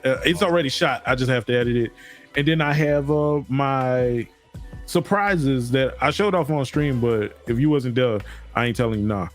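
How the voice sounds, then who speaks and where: A man's voice: mid-range voice, moderate pace, soft background music. A man co-hosting a podcast, joking and laid-back, with a slangy way of talking. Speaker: podcast co-host. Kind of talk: casual chat.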